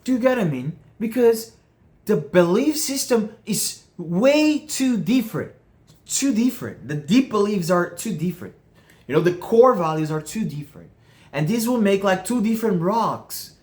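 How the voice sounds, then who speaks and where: A man's voice: high voice, very animated, normal speed, darkish tone. A man giving earnest relationship advice, often checking whether the listener follows him. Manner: earnest, keeps asking "you get what I mean?". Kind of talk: casual monologue to camera.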